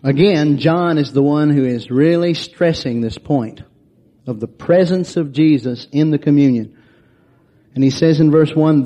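A man's voice: on the high side, normal speed, dark tone, lo-fi sound. A man preaching a sermon, reading scripture aloud and explaining it verse by verse.

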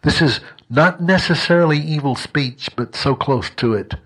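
A man's voice: fairly high pitch, moderate pace, a bit bright, slightly rough. A man preaching a sermon in a conversational, earnest way, telling a personal story and often restarting his sentences.

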